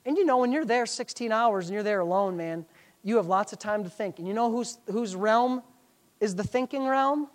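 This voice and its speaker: A man preaching a sermon as pastor, full of rhetorical questions and swinging from hushed asides to shouted declarations. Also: high voice, moderate pace.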